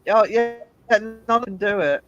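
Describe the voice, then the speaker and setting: A man's voice: high voice, a little slow, muffled recording. A man from Northeast England hosting a casual live stream, chatty and greeting his viewers. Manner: chatty, reads out and greets the chat. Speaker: livestream host.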